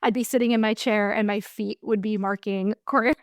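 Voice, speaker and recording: An American woman gives encouraging advice on a podcast, thoughtful and easy to laugh. Her middle-pitched voice has a gravelly fry, and the recording is close and dry. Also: steady tone, fast, no echo. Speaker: co-host, dance instructor. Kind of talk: casual podcast chat.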